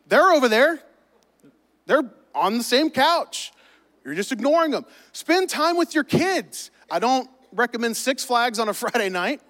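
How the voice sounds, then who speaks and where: A man's voice: extremely high pitch, normal speed, in a large hall. A middle-aged man, preaching a sermon in a church and joking with the congregation. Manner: humorous, animated preaching with asides to the congregation. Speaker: pastor.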